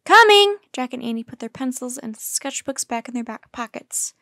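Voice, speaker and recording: Woman calmly reading a kids chapter book, slightly high voice, super dry sound. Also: moderate pace, gravelly, no echo. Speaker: storyteller.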